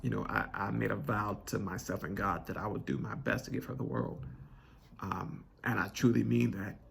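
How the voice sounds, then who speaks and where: A man's voice: fairly low pitch, moderate pace, creaky, a little hiss or hum. A man, telling a personal story in an earnest, conversational way with many restarts, choked up with emotion. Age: 20s. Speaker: vlogger telling his proposal story.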